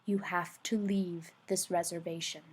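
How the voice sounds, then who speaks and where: A woman reading aloud, voicing an earnest, urgent middle-aged male teacher in a slightly lower, softer, halting voice. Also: flat delivery, slightly rough.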